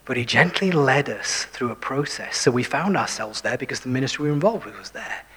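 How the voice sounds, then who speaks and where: With a medium-pitched, husky, slightly breathy voice, a preacher delivers an animated, fairly quick sermon that trails long reverb in the hall. For emphasis he alternates between full voice and hushed whispers, often asking listeners questions and joking at his own expense.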